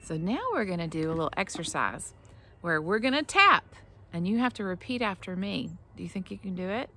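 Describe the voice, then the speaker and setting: A woman teaching a tapping exercise to children, speaking slowly and encouragingly and praising them often. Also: on the low side, animated, pushed and bright. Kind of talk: gentle instruction for kids.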